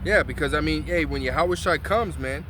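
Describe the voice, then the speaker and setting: A man's voice: on the high side, moderate pace, noisy background. A man preaching outdoors on a city street, reading scripture and explaining it in loose, slangy, profane talk with many asides.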